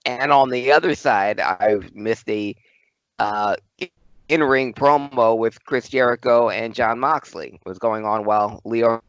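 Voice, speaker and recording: A man's voice: mid-range voice, unhurried, fairly bright tone, clear, resonant tone, no echo. Male wrestling historian, dull dry audio. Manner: wordy, dramatic storyteller. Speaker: podcast co-host, wrestling historian. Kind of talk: casual chat and storytelling.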